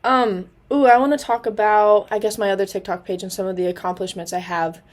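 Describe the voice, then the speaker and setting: A nineteen-year-old woman recording a casual diary vlog at home on her laptop. She rambles in a chatty, self-deprecating way, full of fillers and quick asides. Her voice sits at an ordinary middle pitch for a woman. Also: steady tone. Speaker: college student vlogger. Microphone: laptop camera.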